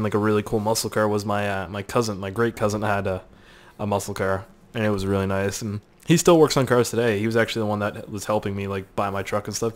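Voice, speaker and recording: A young Canadian man with a Canadian accent giving casual let's-play commentary, excitable and profane, yelping and swearing while he plays. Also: lowish voice. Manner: excitable and profane, yelps and swears at other cars. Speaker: gaming YouTuber. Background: game music and car engine sounds.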